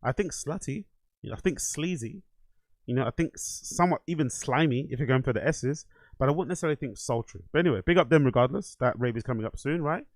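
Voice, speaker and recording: A man's voice: mid-range voice, animated, quick pace, dry recording. A man hosting a show, giving blunt, casual commentary on clips with some swearing. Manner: blunt, mocking, swears freely. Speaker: host reacting to clips.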